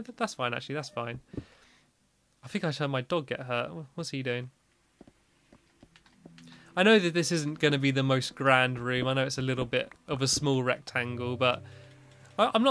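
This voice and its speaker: Man, chatty gaming commentary, rambling and giggly, mid-pitched voice, soft music underneath. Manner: chatty and rambling, with frequent "like" fillers and small laughs. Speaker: gaming video host. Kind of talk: casual gameplay commentary.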